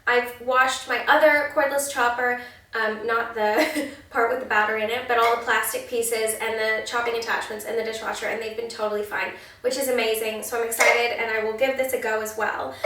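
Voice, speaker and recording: A woman's voice: a little high, fairly even intonation, a little fast, bright, forceful tone. A woman food photographer unboxing and reviewing a kitchen gadget in a chatty, enthusiastic way. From United Kingdom. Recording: roomy sound from a distance.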